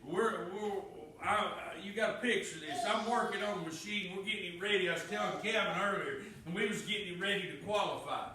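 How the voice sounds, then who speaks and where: A man's voice: high voice, brisk, hardly any pauses, slight background noise. Preacher man, middle aged, folksy storytelling sermon, mic far off in a big echoey church. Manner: folksy storytelling, swings from loud to hushed. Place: church sanctuary.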